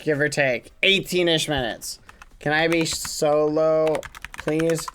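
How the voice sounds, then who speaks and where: A man's voice: on the high side, animated, unhurried, fairly bright tone, faint music behind. Laid-back man hosting a game stream. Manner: encouraging, joking, chatting with players while building. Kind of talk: casual livestream commentary.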